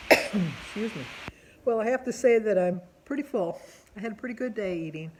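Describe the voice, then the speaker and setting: A woman's voice: medium pitch, lively intonation, normal speed, low-quality recording. Chatty woman vlogging at home. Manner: chatty, rambling, with many fillers. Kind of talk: casual diary vlog.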